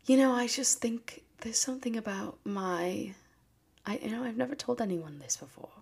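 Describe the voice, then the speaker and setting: A woman's voice: a little high, moderate pace, gravelly, darkish tone, husky. A woman playing an anxious father mouse who speaks with a put-on British accent, hesitant and fumbling as he confesses in an improvised comedy therapy session. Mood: confessional. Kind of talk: improvised comedy role-play.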